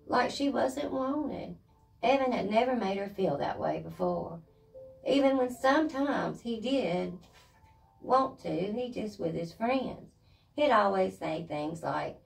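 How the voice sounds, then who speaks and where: A woman reading a children's chapter book aloud in a lively, expressive way. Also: mid-range voice, slow, creaky, distant mic, poor audio. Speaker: reader.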